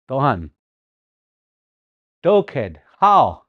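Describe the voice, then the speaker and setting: Guy teaching a language class live, slow and easygoing, a bit high voice, keeps repeating words and asking the class stuff. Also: animated, dull audio. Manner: slow, repetitive, with sounded-out words and rhetorical questions.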